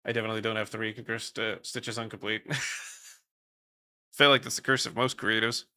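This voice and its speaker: Bright-voiced dutch guy rambling on stream. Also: fairly low pitch, little pitch movement, normal speed. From Netherlands. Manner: rambling, swears casually, reads chat aloud. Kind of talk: casual stream chat.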